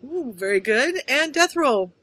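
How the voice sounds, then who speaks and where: A woman with a bright, forceful voice hosts a podcast and chats casually. She tells stories in an animated way and laughs easily. Her pitch sits a little high. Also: measured pace, dry recording, poor audio. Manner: animated storyteller, laughs often. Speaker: podcast host. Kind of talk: casual chat, retelling.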